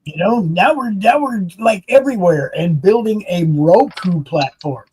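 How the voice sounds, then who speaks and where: A man's voice: high-pitched, lively intonation, measured pace, darkish tone, slight background noise, low-quality recording. A man in a laid-back chat, telling stories about voiceover work and the group's beginnings. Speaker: voiceover artist and co-organizer. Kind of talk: casual chat.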